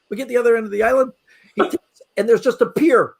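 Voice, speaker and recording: A middle-aged man, a magician guest on a podcast, telling a travel story in a lively way and acting out the people in it. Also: high-pitched, brisk, vocal fry. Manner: lively anecdotal telling with acted-out quotes. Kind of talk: animated storytelling.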